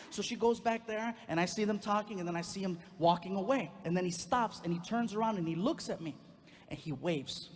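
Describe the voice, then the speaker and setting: A man doing stand-up comedy, telling a long personal story in an animated way and leaping into loud high voices for his characters. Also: a little fast. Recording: reverberant venue with faint background noise.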